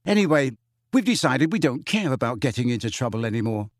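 Male narrator voicing a cocky teen boy joker, cool and teasing, mid pitch. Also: very animated, a little fast, no room sound, studio quality. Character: cocky teenage boy prankster, cool and defiant.

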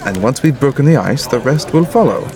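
An actor playing a cold, commanding lord who plots a conspiracy in a radio play. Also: male voice, medium pitch, lively intonation, a little fast, a crowd in the background, lightly acted. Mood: grave. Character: scheming male conspirator lord, cold and ruthless. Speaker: conspirator plotting a coup.

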